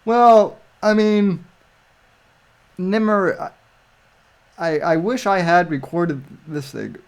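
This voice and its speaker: A man's voice: high voice, slow pace, clean tone. A man co-hosting a casual live stream over a video call, rambling with many restarts and fillers.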